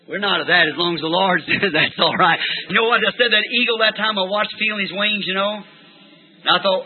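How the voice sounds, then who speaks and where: High-pitched preacher man telling stories, shouts praise sometimes, tinny old tape. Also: a little fast. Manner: folksy storytelling, bursts into shouted praise. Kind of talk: sermon. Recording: tinny lo-fi tape recording with faint hiss.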